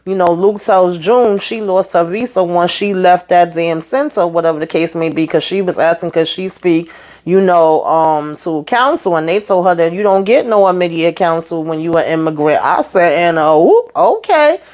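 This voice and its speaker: A fairly low-voiced woman moves at a moderate pace through a chatty, animated TV episode recap. She retells the scenes casually and calls her listeners "child" and "honey."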